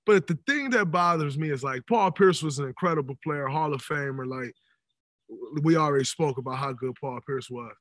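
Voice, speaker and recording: A man in his thirties, a podcast guest telling stories in an animated, emphatic way. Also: fairly high pitch, normal speed, no echo. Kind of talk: casual podcast conversation. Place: podcast studio.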